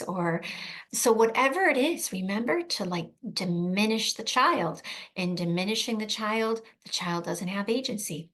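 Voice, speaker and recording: Woman giving advice to parents, earnest and emphatic, repeats stuff, keeps asking "right?", mid-pitched voice. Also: normal speed, fairly bright tone. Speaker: trauma coach speaking to protective parents. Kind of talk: advice talk to camera.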